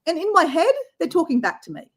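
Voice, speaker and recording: Chatty Australian woman, lively voice. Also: very high voice, fast talker. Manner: chatty, animated, filler-heavy. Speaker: live stream host. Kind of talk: casual live chat.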